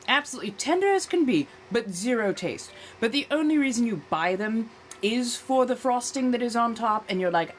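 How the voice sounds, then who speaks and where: A woman's voice: on the low side, a little hiss or hum. A woman hosting a casual livestream chat in an affected old-fashioned American accent, languid and theatrical, calling her viewers darling. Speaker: livestream host.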